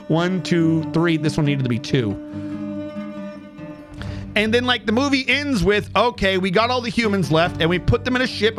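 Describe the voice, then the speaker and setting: Male streamer, high voice with big swings in pitch, profane rambling chat over faint music. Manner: profane, animated storytelling, counting under his breath. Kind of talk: casual rambling commentary while playing a game.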